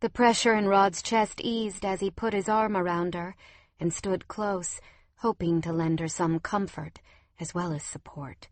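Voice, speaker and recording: A woman narrating an audiobook in an even, measured way. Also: on the low side, no echo. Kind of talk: scripted narration.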